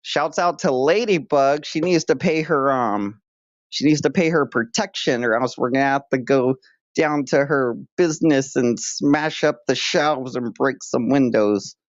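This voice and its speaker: Streamer guy, loose and crude, mock-tough humor, mid pitch, dull dry mic. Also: a little slow, no echo. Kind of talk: casual livestream chat.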